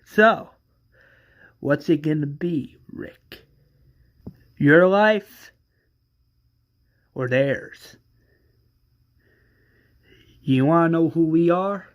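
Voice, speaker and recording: A man doing a menacing gang boss, taunting, loud and raised in pitch, slow and drawn out, then sinking to a hushed threat at the end of his words. The leader of a ruthless gang in a fan retelling of a story, pressing a captive to choose. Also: dull audio.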